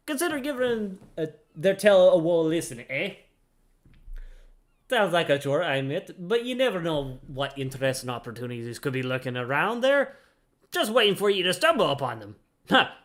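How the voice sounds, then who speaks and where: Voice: mid-range voice, a bit bright. A gamer voicing a chatty male tavern keeper, reading game dialogue aloud in a folksy, rambling way and stumbling over lines.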